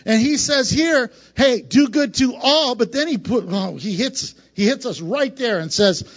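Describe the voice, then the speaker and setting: A man preaching a sermon, swinging between emphatic loud lines and hushed, quieter passages. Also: extremely high pitch, measured pace, few pauses. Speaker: pastor. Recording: dull lo-fi sound.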